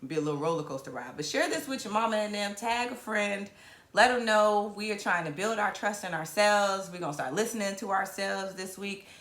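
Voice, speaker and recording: With a mid-range voice and a slightly quick pace, a woman comedian from Virginia, in her thirties, hosts a playful live stream. Her camera mic catches a roomy echo as she throws out hype-up exclamations and southern-flavored slang.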